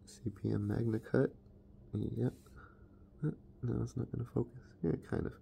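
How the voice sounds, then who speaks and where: A man's voice: medium pitch, flat delivery, moderate pace, creaky, mellow, a little hiss or hum. A man casually reviewing his knives in a laid-back, rambling, self-deprecating way. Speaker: knife reviewer.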